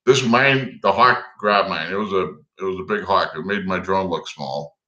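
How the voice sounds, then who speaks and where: A man's voice: low voice, moderate pace, sharp tone, lo-fi sound. A man guesting on a casual livestream chat, telling rambling stories and chuckling as he goes. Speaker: guest drone hobbyist.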